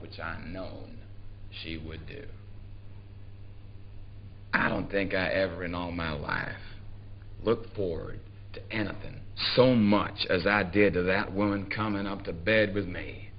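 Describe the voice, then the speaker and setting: A man playing a coarse rural drifter, drawling and low. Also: highs cut off. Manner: drawling, earthy storytelling with relish. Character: coarse, uneducated rural Southern man, blunt and sly. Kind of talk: live dramatic reading. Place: theatre stage before a live audience.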